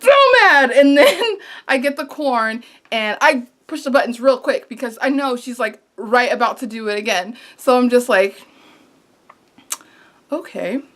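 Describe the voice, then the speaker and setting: A woman vlogger telling a story in a casual, animated way, exasperated and acting out what was said. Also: a little high. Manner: animated, exasperated retelling with quoted asides.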